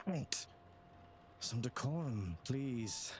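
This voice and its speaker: An actor playing a fussy, gossiping gentleman in a game, prim and theatrical. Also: mid-range voice, lively intonation, extremely slow, slight background noise.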